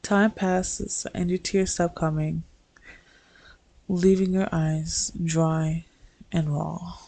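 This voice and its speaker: A woman reading her own second-person fanfic aloud in a soft, unhurried storytelling manner. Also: fairly low pitch, flat delivery, gravelly, poor audio. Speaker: fanfic reader.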